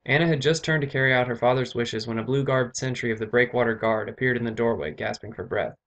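A man reading aloud from his own novel, steady with occasional self-corrections. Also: mid-range voice, fast talker.

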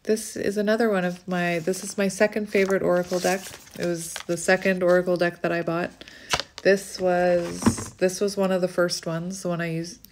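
Soft-spoken woman reading oracle cards. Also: lowish voice, level tone, moderate pace, slight background noise. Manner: soft, gushing, reads card text aloud. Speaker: tarot reader. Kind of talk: casual oracle card reading.

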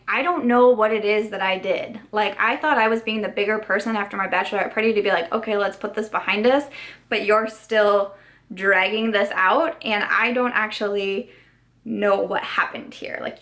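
A woman's voice: medium pitch, fairly even intonation, moderate pace, a bit bright. Chatty young woman telling a storytime. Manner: chatty, exasperated retelling with many "like"s. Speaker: beauty vlogger. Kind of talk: get-ready-with-me storytime.

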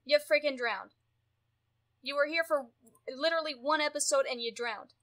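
A woman giving casual gameplay commentary, exasperated and often yelling at her characters. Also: high voice, normal speed. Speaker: gameplay streamer.

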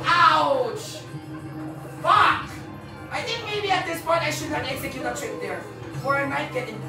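A woman commentating her racing game play, excitable, swearing and yelping. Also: sits high. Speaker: gaming channel host. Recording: roomy, distant from mic. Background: game music.

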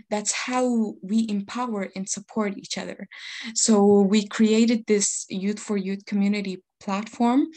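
A woman's voice: medium pitch, a little mellow. Young woman, earnest founder's testimony, impassioned delivery, video call. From Afghanistan. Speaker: youth community founder. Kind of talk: personal testimony at an online panel.

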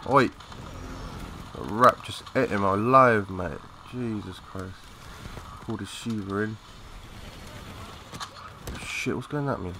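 A young man giving live, excitable commentary over a shooter game, swearing and chatting in slang. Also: lowish voice, slow pace, pauses often, noisy background. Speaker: gaming commentator.

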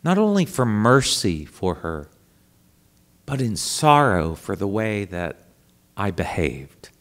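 Slow, lively-voiced priest storyteller. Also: male voice, on the low side. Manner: dramatic, animated storyteller who swings between hushed and loud. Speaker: priest giving a talk. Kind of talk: storytelling talk to a live audience.

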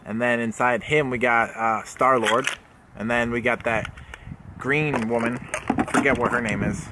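A man's voice: mid-range voice, steady tone, unhurried, very noisy. A young man vlogging as he unboxes a subscription box, rambling and jokey, often correcting himself. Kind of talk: casual unboxing vlog.

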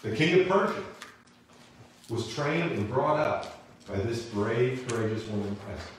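A man teaching a Bible class in a church, retelling a story in an animated, casual way, recorded in an echoey room from a distant mic. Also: medium pitch, unhurried, slight background noise. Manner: animated, casual, acts out characters. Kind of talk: lively storytelling lesson.

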